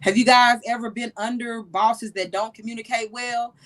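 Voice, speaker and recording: A woman in her thirties hosting a casual advice talk, animated and repeating key phrases for emphasis. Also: a little high, moderate pace, rough recording. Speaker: host.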